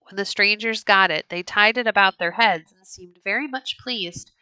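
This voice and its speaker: List: woman, storybook narration, bright voice, dry close sound, gentle measured read. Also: medium pitch, clear, resonant tone, no echo.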